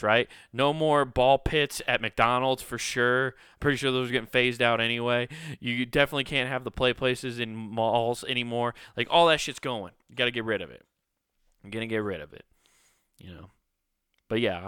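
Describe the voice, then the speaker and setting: A man's voice: mid-range voice, fairly bright tone, clear, resonant tone, no echo, studio quality. A man hosting a casual podcast, rambling through a profane, sarcastic comedic rant.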